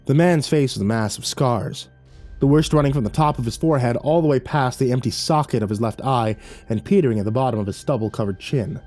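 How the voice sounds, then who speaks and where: A man reading a horror story aloud as narrator in a measured storytelling manner. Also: mid-range voice, dark tone.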